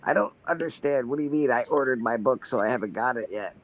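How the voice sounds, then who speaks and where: A man from Canada hosting a casual comic-book chat, loud and joking, swearing freely. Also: mid-range voice, animated, quick pace, lo-fi sound, a little hiss or hum.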